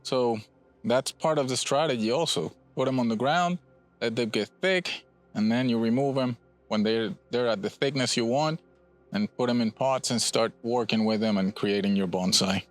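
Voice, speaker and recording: A man's voice: mid-range voice, normal speed, faint music behind. Man from Puerto Rico touring his nursery. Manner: relaxed, rambling, with frequent restarts. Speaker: bonsai nursery owner. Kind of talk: casual explanation during a nursery tour. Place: outdoor plant nursery.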